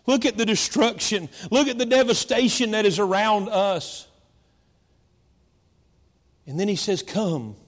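A man preaching a sermon as pastor, repeating phrases and slowing down for dramatic emphasis. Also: high voice, long reverb tail. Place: church.

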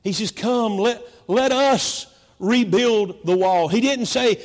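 A man preaching a sermon as pastor, repeating phrases and slowing down for dramatic emphasis. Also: high-pitched, long reverb tail. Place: church.

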